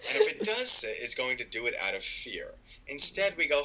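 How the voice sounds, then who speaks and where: Bright-voiced lively man explaining meditation. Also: mid-range voice, a little fast, low-quality recording. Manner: animated, acts out inner voices in his stories. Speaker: meditation author and podcast guest. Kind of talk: casual interview chat.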